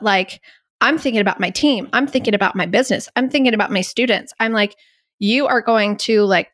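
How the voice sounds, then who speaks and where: A woman's voice: mid-range voice, a bit bright, no echo, clean studio sound. A woman hosting a podcast, telling a story in an anxious, incredulous way and laughing at herself now and then. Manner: anxious, incredulous retelling with self-mocking laughs. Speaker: podcast host. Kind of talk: candid storytelling monologue.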